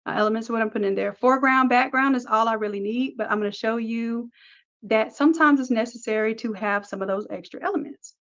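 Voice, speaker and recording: A woman leads a screen-recorded design lesson, talking through every click in an upbeat, practical way. Her voice sits a little high. The recording sounds dull and lo-fi. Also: fast talker, a bit bright. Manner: upbeat, talks through each click step by step. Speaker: design instructor. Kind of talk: screen-recorded software tutorial.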